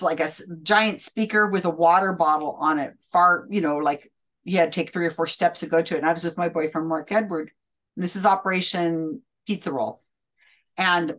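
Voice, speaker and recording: A woman hosting a casual talk, telling stories in a lively way and acting out what people said. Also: lowish voice. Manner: animated storytelling, acts out quotes. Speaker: podcast host. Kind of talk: casual chat.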